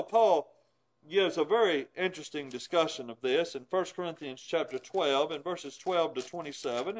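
A man's voice: sits high, a bit bright, poor audio. A middle-aged man preaching a sermon, emphatic and conversational, asking the listeners rhetorical questions.

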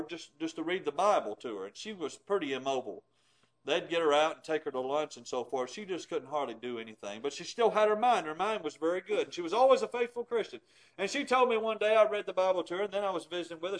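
A man's voice: on the high side, poor audio. A middle-aged man preaching a sermon, emphatic and conversational, asking the listeners rhetorical questions.

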